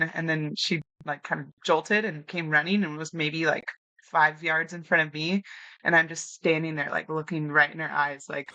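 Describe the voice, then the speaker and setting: A young woman guest telling lively stories in a casual interview, acting out quotes and laughing often. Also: deep voice, normal speed, dry recording. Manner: animated storyteller, acts out quotes, laughs often. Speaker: podcast guest, new hunter.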